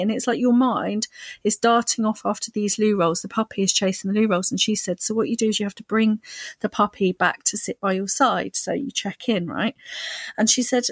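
A woman's voice: medium pitch, fairly quick, no echo. A woman co-hosting a podcast, chatting casually and animatedly, with playful voices for quoted thoughts. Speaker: podcast co-host. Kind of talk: casual chat.

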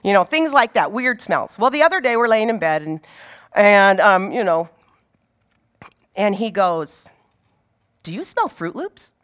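A woman's voice: medium pitch, a little slow, pauses often, fairly bright tone. A woman giving an informal Bible teaching in a conversational way, often asking her listeners rhetorical questions.

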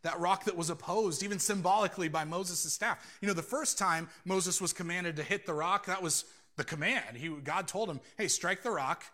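A man's voice: high voice, normal speed, pushed and bright. A man preaching a sermon as pastor, telling the story with animation and acting out the voices he quotes.

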